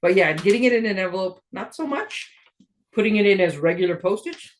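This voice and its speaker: A woman's voice: medium pitch, lively intonation, fairly quick. A middle-aged woman from Canada hosting a card-making tutorial, chatty and rambling, often laughing at herself. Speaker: stamping demonstrator and card-making host. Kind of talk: casual craft tutorial chat.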